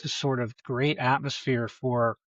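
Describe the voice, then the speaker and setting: Halting man on dull lo-fi audio. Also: mid-range voice, little pitch movement, a bit bright, no room sound. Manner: halting, many restarts and fillers. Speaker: filmmaker guest. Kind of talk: casual conversation.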